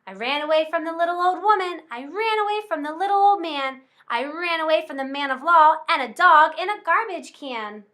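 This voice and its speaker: A woman's voice: extremely high pitch, expressive, normal speed, hardly any pauses, bright, forceful tone, full character voice. A woman voicing a cheeky, boastful gingerbread cookie boy in a taunting sing-song chant for a storybook. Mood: gleeful taunting.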